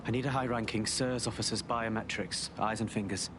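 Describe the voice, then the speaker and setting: An actor playing a calm, secretive male spy handler in a video game, speaking in a measured, clipped way. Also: lowish voice, noisy background, lightly acted. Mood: grave.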